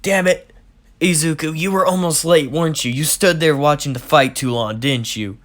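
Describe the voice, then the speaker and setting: A man voicing a bossy, hot-tempered teenage boy who scolds loudly and bluntly. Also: fairly high pitch, slow, pitched above the performer's own voice. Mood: angry scolding. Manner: loud, scolding and brash.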